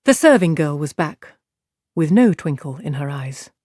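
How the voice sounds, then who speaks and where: A man narrating a fantasy audiobook in an even, measured way. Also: fairly high pitch, no room sound, studio quality.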